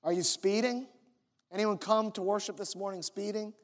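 A man preaching a sermon as pastor, telling stories in an animated, conversational way. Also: high voice, moderate pace, in a large hall.

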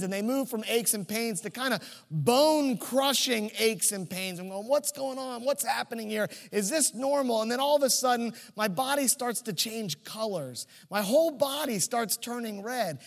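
A man with a high-pitched voice preaching a sermon, easing into a personal story with a conversational, humorous touch. His voice rings with the long reverb of a large church sanctuary. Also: expressive, moderate pace. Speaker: pastor.

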